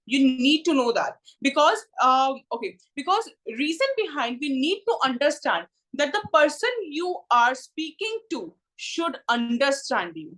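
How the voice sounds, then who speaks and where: A woman's voice: sits high, lively intonation, unhurried, few pauses, a bit bright. A woman with an Indian English accent teaching an online spoken English class, slipping into Hindi to explain and calling students by name with "ji".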